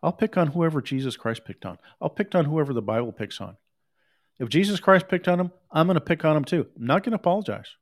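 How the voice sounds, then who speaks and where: A man's voice: a little high, lively intonation, quick pace. A man preaching a sermon in an emphatic, conversational way, often repeating his words.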